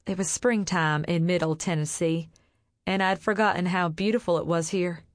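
With a fairly low voice, a woman works as an audiobook narrator, reading a novel aloud steadily and with measured storytelling. The scripted reading sounds clean and studio-made, without any room sound.

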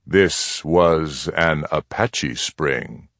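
A man voicing a stern, measured Apache chief in a read-aloud story, speaking slowly and gravely. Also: deep voice, no room sound. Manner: slow, grave, deliberate.

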